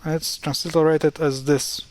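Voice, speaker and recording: Wry man explaining pronunciation, slightly high voice. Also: level tone, measured pace. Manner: wry, mildly exasperated, many fillers and restarts. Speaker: language explainer. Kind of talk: casual screen-share tutorial.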